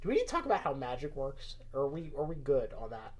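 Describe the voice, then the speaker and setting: A man's voice: mid-range voice, huge pitch swings, fast, darkish tone. A young man with a Southern accent reading a story aloud and bantering, chatty, self-deprecating and a bit tipsy. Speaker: story reader, podcast co-host.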